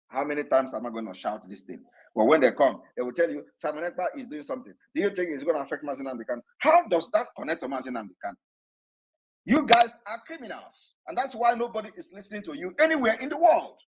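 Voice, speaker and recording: Fiery man, lively pitch. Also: poor audio. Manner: fiery, defiant, shouting at times. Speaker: political speaker addressing supporters. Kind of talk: impassioned political address. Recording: online audio room broadcast.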